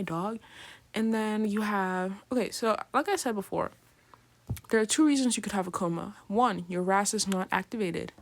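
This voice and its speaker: Woman, casual lecturer, mid-pitched, chatty and loose, lots of fillers and quick acted asides. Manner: chatty, filler-heavy, keeps asking "right?"; acts out patients in slangy voices. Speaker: nursing lecturer.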